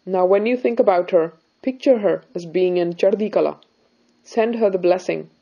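A woman voicing a serious, devout middle-aged husband who calmly consoles his wife about faith. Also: fairly low pitch, normal speed, lo-fi sound. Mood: gently consoling. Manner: calm, consoling, preaching.

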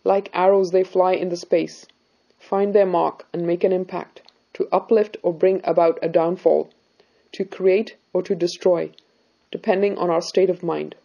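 A woman voicing a serious, devout middle-aged husband who calmly consoles his wife about faith. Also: fairly low pitch, normal speed, creaky, highs cut off. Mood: gently consoling. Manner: calm, consoling, preaching.

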